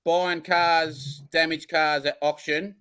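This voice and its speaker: High-voiced Australian man asking questions. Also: little pitch movement, slow, pushed and bright, clear, resonant tone. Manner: inquisitive, asks questions. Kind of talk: casual chat.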